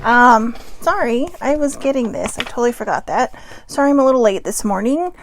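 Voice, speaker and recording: A woman's voice: on the high side, expressive, fairly quick, a little hiss or hum. A tired woman hosting her daily live video show from home on a personal mic, rambling chattily with lots of filler words and self-deprecating asides. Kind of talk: casual rambling morning chat.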